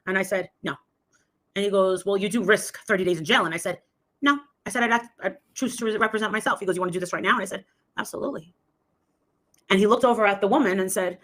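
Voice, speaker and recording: A woman's voice: medium pitch, fast talker, sharp tone. A woman telling a long story in a rambling, casual way, acting out the voices of the people in it. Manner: rambling, acts out quoted voices. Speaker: livestream host telling a story.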